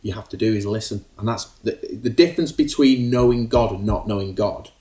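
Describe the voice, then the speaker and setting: A man's voice: lowish voice, fairly quick, warm tone. A man co-hosting a podcast, talking in a hesitant casual way with many ums and restarts. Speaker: podcast co-host.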